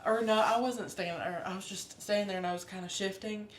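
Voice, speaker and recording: Animated woman telling stories. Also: fast. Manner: animated storyteller, self-mocking. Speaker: podcast co-host. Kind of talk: casual chat. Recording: echoey room, faint rumble.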